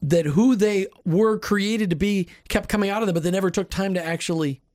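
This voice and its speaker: A man's voice: sits high, brisk, a little mellow, no echo, studio quality. A man hosting a Christian radio show, talking emphatically and enthusiastically to his guest and directly to his listeners. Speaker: radio host. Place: radio studio.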